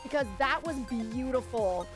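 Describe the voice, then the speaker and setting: A woman chatting on a gaming stream, excitable and quick to gasp. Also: high voice, music in the background. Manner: excitable, gasping, giggly. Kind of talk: live gaming stream chat.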